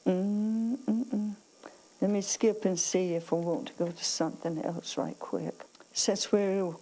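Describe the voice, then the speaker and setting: A woman with a medium-pitched voice preaches a sermon, heard through poor audio. She calls out to the congregation for amens and reads scripture aloud with emphasis.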